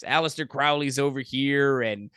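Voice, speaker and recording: A young adult man, a podcast guest, telling a personal story in a profane, animated, casual way. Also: medium pitch, moderate pace, clean tone, no echo, studio quality.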